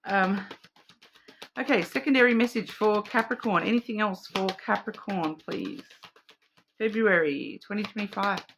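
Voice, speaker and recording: A woman's voice: medium pitch, normal speed, creaky, fairly bright tone, slight background noise. An Australian woman giving a casual, intuitive card reading, rambling with many fillers and restarts. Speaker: card reader.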